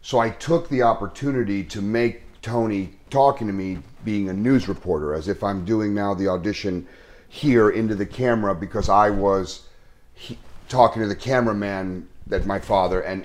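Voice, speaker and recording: A man, an actor being interviewed, telling a story in a casual, earnest way, halting often with restarts and fillers. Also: on the low side.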